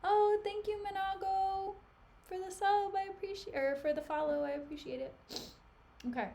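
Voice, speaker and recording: A woman's voice: very high voice, normal speed, vocal fry. A young woman streaming, reading a play aloud with chatty, casual commentary full of asides. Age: young adult. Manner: chatty, frequent "like", lively asides.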